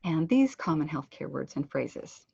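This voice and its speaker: Canadian woman, pronunciation teacher, husky voice, dry close sound, clear drilled delivery. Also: sits low, sing-song, a little slow, darkish tone, no echo, dull audio. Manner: clear instructive delivery, drawing out words for drill. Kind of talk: web conference lesson.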